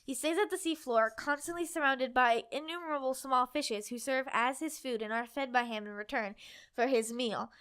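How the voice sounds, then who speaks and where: Smooth-voiced young woman reading passages aloud. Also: sits high, normal speed, a bit bright. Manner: chatty, lots of "like", insistent when reading. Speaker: co-host.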